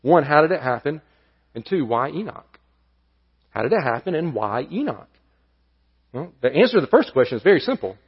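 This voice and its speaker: Man, pastor, earnest sermon, fairly high voice, reverberant sanctuary. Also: sing-song, fairly quick, pauses often, breathy edge. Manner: earnest preaching with repetition and rising emphasis. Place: church sanctuary. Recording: dull sound with long hall reverb.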